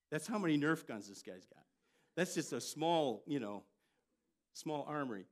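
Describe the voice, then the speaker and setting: An older man, a pastor, preaching a sermon and telling family stories with lively jumps in loudness. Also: a little high, normal speed. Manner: storytelling, animated delivery with jumps in loudness.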